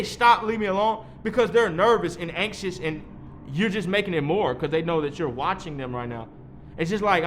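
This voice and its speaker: A man's voice: high voice, a bit bright, slight background noise. A man in his thirties delivering a rambling, heated monologue, swearing freely as he lectures. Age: 30s. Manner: heated, profane, preachy. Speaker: vlogger.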